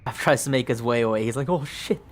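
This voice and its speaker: A man's voice: mid-range voice, fairly even intonation, racing. A man casually narrating a solo tabletop game, thinking aloud through dice rolls with plenty of ums.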